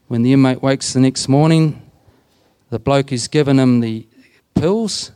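A man's voice: medium pitch, a little slow, warm tone, clean tone. A man with an Australian accent, a prison chaplain telling plain-spoken stories to a group and retelling conversations. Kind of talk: storytelling talk to a group.

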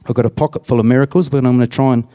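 A man's voice: medium pitch, steady tone, rapid-fire, dark tone. A man with an Australian accent, a prison chaplain telling plain-spoken stories to a group and retelling conversations. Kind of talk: storytelling talk to a group.

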